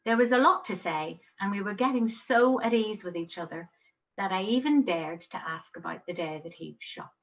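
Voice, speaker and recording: A middle-aged woman, telling a personal story in a reflective, gently wry manner. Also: mid-range voice, animated, normal speed, dull audio. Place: home.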